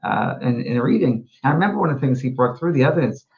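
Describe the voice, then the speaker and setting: A man's voice: mid-range voice, racing, phone-quality sound. A man, a spiritual medium, hosting a casual talk show, telling stories animatedly with frequent restarts. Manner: animated storyteller with many restarts.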